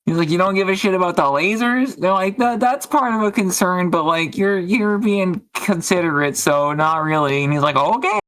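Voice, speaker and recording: A woman's voice: fairly low pitch, normal speed. A woman streamer chatting casually, rambling and giggling as she retells stories and acts out quotes. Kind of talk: casual chat.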